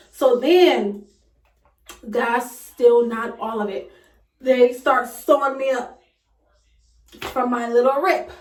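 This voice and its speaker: Young woman, dramatic casual storytelling, set back from the mic. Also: on the high side. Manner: animated, dramatic retelling with loud acted quotes. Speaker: vlogger. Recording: echoey room, voice a bit far from mic.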